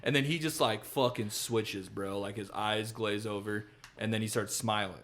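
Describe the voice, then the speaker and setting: A man's voice: fairly low pitch, normal speed, a little hiss or hum. Young male podcast co-host, casual, swears freely, acts out the scenes he retells. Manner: animated storyteller acting out scenes with heavy swearing. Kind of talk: casual chat.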